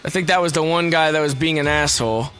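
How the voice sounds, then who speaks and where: A young man doing let's play commentary, excitable and swearing, shouting at enemies as he plays. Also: on the high side, fast talker. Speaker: gameplay commentator. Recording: game music behind.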